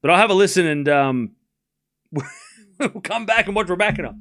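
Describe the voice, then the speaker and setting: A man hosting a live tennis watchalong stream, chatting casually and excitedly, laughing often and thinking out loud. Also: sits high, normal speed. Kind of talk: live commentary and casual chat.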